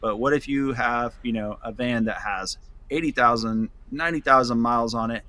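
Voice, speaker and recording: A man's voice: mid-range voice, normal speed, pushed and bright, no room sound. A man, the founder of a van company, talking as a podcast guest in a loose, rambling way with many fillers and restarts. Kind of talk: casual podcast interview.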